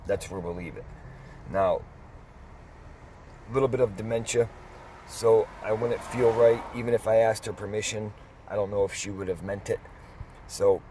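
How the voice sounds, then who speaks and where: Low-voiced middle-aged man telling a story. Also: warm tone, slight background noise. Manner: rambling, conversational, with pauses and restarts. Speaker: dog vlogger. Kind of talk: casual storytelling.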